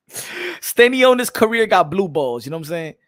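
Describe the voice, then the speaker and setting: A man's voice: high-pitched, fairly bright tone, no room sound. A man hosting a boxing talk show, ranting comedically with lots of profanity and laughter between lines. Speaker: boxing podcast host. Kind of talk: comedic rant.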